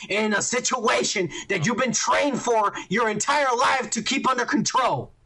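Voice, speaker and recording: A man's voice: very high voice, moderate pace, vocal fry, bright, forceful tone, breathy edge. A man hosting a podcast, ranting heatedly and swearing a lot while reviewing a show. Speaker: podcast host. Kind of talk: casual ranting review chat.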